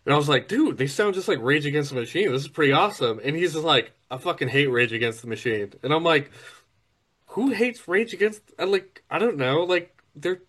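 A man's voice: fairly high pitch, lively intonation, fairly quick, fairly bright tone. A man in a casual chat, telling a story with enthusiasm.

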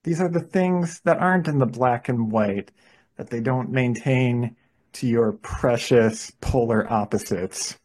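Casual podcast co-host, male, rambling delivery, filler-heavy, mid-pitched. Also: unhurried, a little mellow.

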